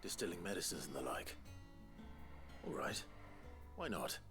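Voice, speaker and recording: An actor voicing a reserved young male swordsman in a video game, answering tersely and calmly. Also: low-pitched, normal speed. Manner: terse and calm. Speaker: game protagonist. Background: game music.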